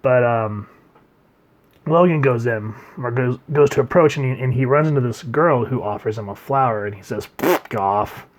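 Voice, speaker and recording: A man reviewing a comic book in casual chat, rambling and trailing off quietly at the ends of his sentences. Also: moderate pace. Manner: rambling, trails off quietly at line ends, reads quotes in a low murmur.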